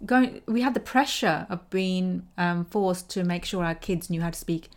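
A woman's voice: on the low side, normal speed. Chatty middle-aged woman. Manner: chatty, frequent agreeing "yeah"s and tag questions. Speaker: podcast co-host. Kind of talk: casual chat.

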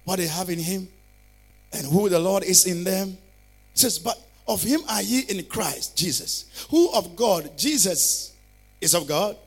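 A man's voice: high voice, animated, a little slow, husky, soft background music. A male pastor preaching a fervent sermon, calling on listeners to repeat declarations after him.

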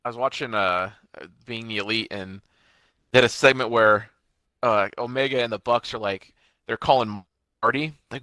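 A man's voice: mid-range voice, normal speed, sharp tone, dry recording. A young man in casual wrestling chat, telling stories with acted-out quotes and casual swearing. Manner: storytelling, profane, acts out quotes.

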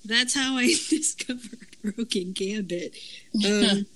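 A woman hosts a casual review chat with a bright, forceful tone. She rambles and restarts her sentences as she goes, in a loose, conversational way. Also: medium pitch, slow, a little hiss or hum, low-quality recording. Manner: rambling, self-correcting, chatty. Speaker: podcast host.

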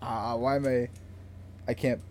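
A man co-hosting a casual podcast, joking around and laughing easily. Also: medium pitch. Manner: joking, quick to laugh, animated. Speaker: podcast co-host.

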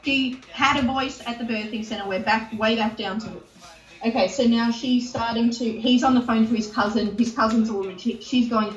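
A woman's voice: on the high side, steady tone, fairly quick. Heated swearing woman, echoey and distant. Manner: heated, swearing, acts out quoted voices. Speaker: podcast co-host. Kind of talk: casual chat, retelling a TV show. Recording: echoey, distant, dull sound.

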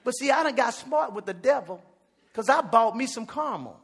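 A man pastor telling a comic story in a sermon, animated and shouting at the high points. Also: a little fast, husky.

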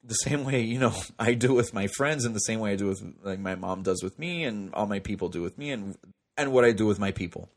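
A man's voice: lowish voice, fairly quick. A young man casually telling a personal story, chatty and profane, with lots of "like" fillers. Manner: profane, chatty, heavy use of "like".

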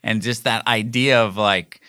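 Middle-aged male podcast host, low-ish voice with a bright forceful edge, dry close sound, loose rambling storyteller. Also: steady tone, measured pace, dry recording. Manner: rambling, many fillers and restarts. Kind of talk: casual storytelling monologue. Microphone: recording himself solo.

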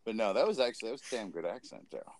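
A man's voice: on the low side, very animated, very fast, no room sound. A man co-hosting a podcast, telling a rambling story with frequent laughs in a casual chat. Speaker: podcast co-host.

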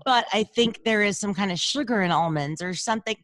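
A woman's voice: mid-range voice, a little fast, no echo. Candid, chatty woman hosting a podcast. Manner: candid, chatty, self-deprecating, swears freely. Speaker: podcast host. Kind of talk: casual recovery podcast chat. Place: at home, recording remotely. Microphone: broadcaster board mic.

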